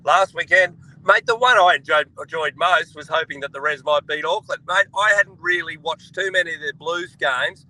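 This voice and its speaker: A middle-aged man with an Australian accent chats about sport in a blokey way, calling everyone mate. His voice is very bright and sits a little high. He calls in by phone from a boat. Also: moderate pace, hardly any pauses, low-quality recording. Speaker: guest. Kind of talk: casual sports chat. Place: on a boat, outdoors. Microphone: phone or video call.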